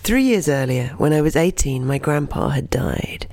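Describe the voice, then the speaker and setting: A storyteller in their twenties telling a personal story, then teaching, expressive and dipping into soft whispers. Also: mid-range voice, moderate pace, no room sound. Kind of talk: told personal story and lesson.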